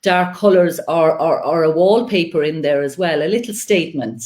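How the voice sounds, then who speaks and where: A woman's voice: low voice, moderate pace, darkish tone. Woman, master painter and decorator, interview guest, chatty, practical, friendly. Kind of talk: live interview, giving decorating advice.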